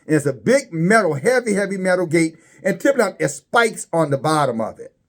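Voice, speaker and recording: A man delivers a religious commentary in a sing-song preaching style, halting and repeating words. His voice climbs high whenever he emphasizes a point.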